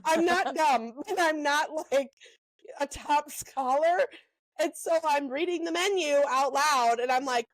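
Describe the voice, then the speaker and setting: A young woman co-hosting a podcast, telling animated stories in a casual chat, full of "um" and "like". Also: high-pitched, low-quality recording. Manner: animated storyteller, lots of "um" and "like", quick asides. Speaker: podcast co-host.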